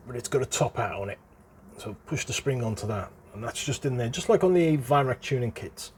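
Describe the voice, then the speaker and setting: A man's voice: medium pitch, a little hiss or hum. Chatty British man explaining a repair. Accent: British English. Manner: chatty and explanatory, chuckles between points. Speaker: airgun hobbyist presenter. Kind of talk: casual hands-on repair walkthrough.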